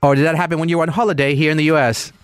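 A man's voice: fairly high pitch, steady tone, racing, clear, resonant tone. A man hosting a morning radio show, teasing callers with playful banter.

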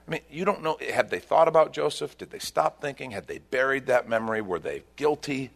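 A male pastor preaching a sermon, retelling a scripture story with emphatic, animated delivery. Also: mid-range voice, brisk, gravelly.

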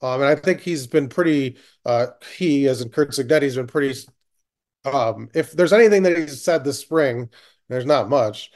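A man's voice: mid-range voice, normal speed, a little mellow. A man who covers college football, chatting casually with lots of hesitations and filler words. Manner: hesitant, lots of ums and you-knows. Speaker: college football beat reporter. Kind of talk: casual sports chat.

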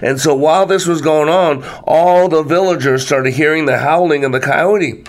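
A man narrating a folktale in an animated, dramatic storytelling manner. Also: on the high side, moderate pace.

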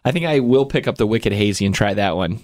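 A man's voice: on the low side, expressive, fast, a little mellow. Easygoing male co-host, casual conversational delivery. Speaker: podcast co-host. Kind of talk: casual chat.

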